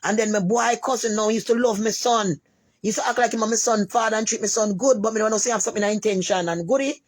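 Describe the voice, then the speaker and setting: A woman's voice: on the high side, fast talker, breathy edge. A middle-aged woman with a Jamaican accent, telling her life story in casual patois and repeating phrases for emphasis.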